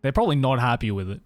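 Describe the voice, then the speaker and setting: A young man with a mild Australian accent, chatting casually with his stream viewers, laughing often and swearing freely. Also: mid-range voice. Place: home stream room in Tokyo.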